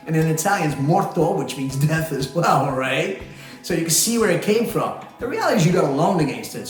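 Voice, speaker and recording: A man, a company president, explaining things in a chatty way, asking rhetorical questions and often laughing. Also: on the high side. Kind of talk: explainer talk to camera. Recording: very echoey room with faint music.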